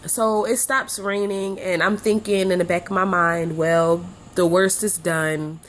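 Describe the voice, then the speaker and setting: A woman's voice: on the low side, measured pace, few pauses, slight background noise. A young adult woman, a student, casually telling her classmates a personal story in a chatty way. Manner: chatty, animated when quoting others.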